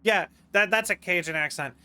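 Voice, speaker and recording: A man's voice: high voice, normal speed, sharp tone, smooth. A man with a General American accent, chatting casually and rambling on a live stream from home. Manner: rambling, chatty, full of fillers and restarts. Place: home, indoors.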